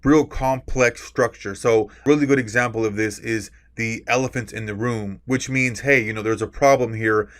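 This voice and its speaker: A man's voice: mid-range voice, steady tone, moderate pace, hardly any pauses, fairly bright tone. A man teaching a recorded course lecture. He explains with examples, stresses key words on purpose and often adds a tag "right?". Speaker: course instructor.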